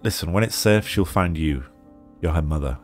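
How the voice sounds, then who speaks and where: A man voicing a weary male raccoon private eye in a low-key, tired manner. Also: animated, moderate pace, faint music behind.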